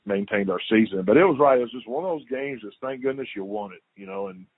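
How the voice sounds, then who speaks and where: This is a fast-talking older man with a somewhat low, slightly rough voice, a former football player guesting on a casual interview. He's a lively raconteur who repeats words and dramatizes quotes. The recording is a dry, tinny phone line.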